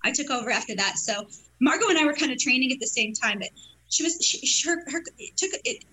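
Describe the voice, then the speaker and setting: Bubbly woman, high animated voice, bright tone, rambling chat, faint background noise. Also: fast talker, poor audio. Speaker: guest. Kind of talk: lively casual chat.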